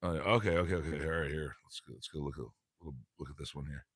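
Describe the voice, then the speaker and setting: A man's voice: rumbling low, quick pace, husky, no room sound, studio quality. A man teaching a casual lesson, reading a textbook aloud in a laid-back, slangy way, often stumbling over words, recorded on a phone.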